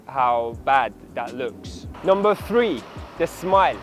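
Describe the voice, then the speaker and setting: A man giving dating advice straight to camera, animated and instructive, acting out short examples as he goes. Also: medium pitch, takes it slowly, soft background music. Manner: animated, demonstrates approaches in acted voices. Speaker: dating coach. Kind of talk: direct-to-camera coaching talk.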